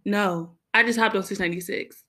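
Bright-voiced young woman telling a story. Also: mid-range voice, brisk, a little hiss or hum. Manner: animated, laughs often while acting out her own reactions; heavy use of "like" and "bro". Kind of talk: casual storytelling chat.

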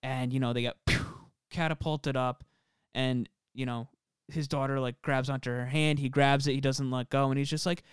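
Young male podcast co-host, rambling and profane, smooth voice, dry mic. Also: medium pitch, fairly even intonation, normal speed, no echo. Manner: rambling, filler-heavy, swears often. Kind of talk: casual chat.

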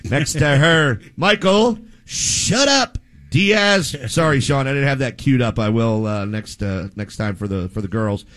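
A man hosting a sports radio show in casual chat, energetic and joking, rambling through introductions. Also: medium pitch, a little slow.

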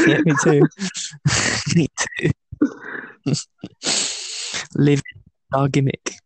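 A man's voice: fairly high pitch, very animated, drawn-out words, long pauses, slightly rough, no room sound. A young man co-hosting a casual podcast, telling a story with crude jokes and lots of laughter. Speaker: podcast co-host. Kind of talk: casual chat.

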